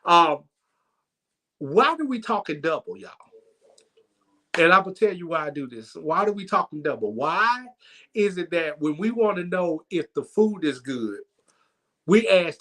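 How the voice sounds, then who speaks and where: A man hosting a comedic church livestream, telling stories in a lively way with frequent stammered restarts. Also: sits high, low-quality recording. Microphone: livestream microphone.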